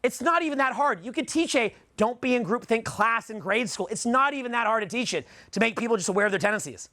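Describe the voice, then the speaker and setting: A man's voice: extremely high pitch, expressive, quick pace, bright, forceful tone, dry recording. A Canadian man in his forties giving a live seminar talk, blunt and profane, firing rhetorical questions at the room. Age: 40s. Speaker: seminar speaker.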